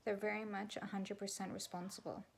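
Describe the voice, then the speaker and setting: Gravelly-voiced woman venting candidly. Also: mid-range voice, level tone, fairly quick. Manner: raw and blunt, swears, drops to a whisper at times. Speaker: vlogger and spiritual coach. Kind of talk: candid confessional talk to camera.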